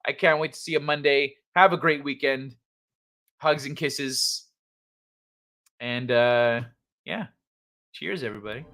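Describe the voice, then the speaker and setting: Bright-voiced man hosting a late-night stream. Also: medium pitch, moderate pace. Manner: laid-back, chuckling, reading chat aloud. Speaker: livestream host.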